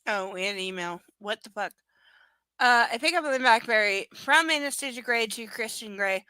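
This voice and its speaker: A woman's voice: on the high side, lively intonation, normal speed, bright, forceful tone, clear, resonant tone, no room sound. A woman reading a romance novel aloud on a live stream, breaking off for chatty, sarcastic asides and casual swearing. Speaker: live reader and commentator.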